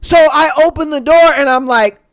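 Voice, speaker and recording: A young man co-hosting a podcast, telling a story in casual chat, animated, swearing freely and acting out voices. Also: very high-pitched, moderate pace. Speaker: podcast co-host.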